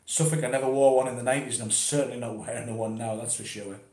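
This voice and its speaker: A man's voice: mid-range voice, steady tone, fast talker, a little mellow, roomy sound. A man chatting casually and laid-back about pipe smoking, swearing now and then, at home in his conservatory. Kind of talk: casual chat.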